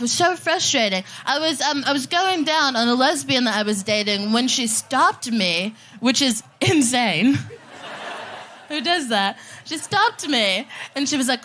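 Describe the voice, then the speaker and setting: A woman's voice: sits high, lively intonation, a little slow, pushed and bright. A woman performing a brash, rowdy live stand-up comedy set on a festival stage. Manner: brash, rowdy, punchy delivery.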